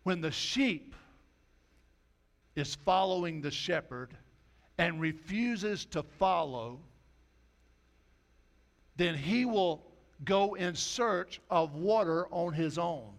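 Folksy preacher, fairly high voice. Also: male voice, expressive, slow, vocal fry, pauses often. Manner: folksy preaching, drops to soft quoted asides. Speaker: pastor. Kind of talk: sermon.

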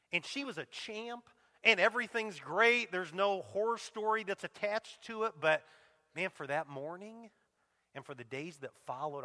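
A middle-aged man preaches a sermon in a big room with a long, ringing reverb. His voice sits high and bright, and he speaks with emotion. At the tenderest moments he drops almost to a whisper. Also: animated, normal speed. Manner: emotional, drops to a near-whisper on quoted cries. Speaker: pastor.

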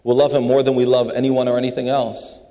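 A man's voice: mid-range voice, flat delivery, fast, warm tone. A man preaching a sermon in an earnest way, often repeating words as he stresses a point. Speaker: pastor. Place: large building. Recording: long reverb of a large hall.

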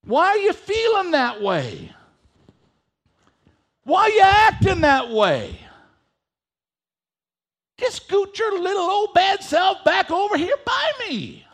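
A man's voice: very high-pitched, huge pitch swings, slow, pauses often, fairly bright tone, pitched above the performer's own voice, full character voice. A man voicing God as a fatherly spirit who speaks in a folksy, coaxing way and calls people back to him.

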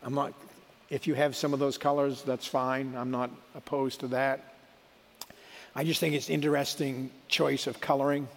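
A man's voice: medium pitch, little pitch movement, moderate pace, in a large hall. A middle-aged man giving a sermon in a conversational, folksy way, with asides and restarts. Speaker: preacher.

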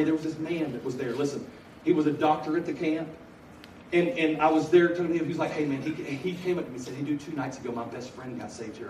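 A middle-aged man preaching a story with humor, animated, shifting from loud bursts to hushed earnest telling. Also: a little high. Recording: echoey hall from far off, noisy.

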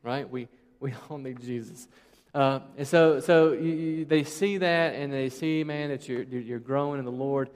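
A man's voice: mid-range voice, measured pace, a little mellow, smooth. A man in his thirties preaching a sermon, conversational and emphatic, with many rhetorical questions. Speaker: pastor. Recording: long reverb of a large hall.

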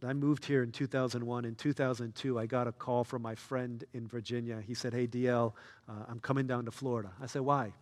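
Male pastor, mid-pitched, lively storyteller, soft to loud. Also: a little fast, in a large hall. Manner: storytelling, swings between soft and loud, excited. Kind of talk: sermon.

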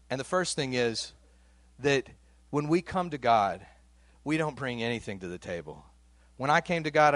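Guy pastor preaching, easygoing and chatty, reads the bible bits with a little drama, mid pitch, dry sound. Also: a bit bright, no echo. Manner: conversational preaching, reads scripture with voiced quotes, chuckles. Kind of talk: sermon.

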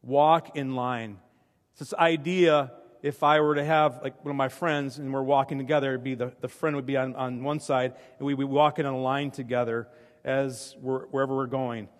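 A man's voice: mid-range voice, level tone, a little fast, big-room sound. A man preaching a conversational sermon, telling personal stories in a chatty, self-deprecating way with frequent restarts.

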